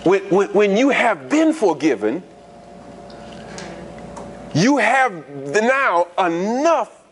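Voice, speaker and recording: A male pastor preaches with a fairly high voice that swings widely in pitch. He talks to the congregation, throws them rhetorical questions and repeats words when he restarts. A faint hiss sits under the recording. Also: very slow. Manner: animated, conversational preaching with frequent rhetorical questions. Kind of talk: sermon.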